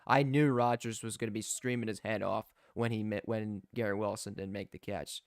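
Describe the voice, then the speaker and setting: A young man giving live play-by-play as a fan commentator, excitable and prone to restarting his sentences. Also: lowish voice, moderate pace, smooth, dry recording, studio quality. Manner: excitable, shouts in disbelief, repeats and restarts.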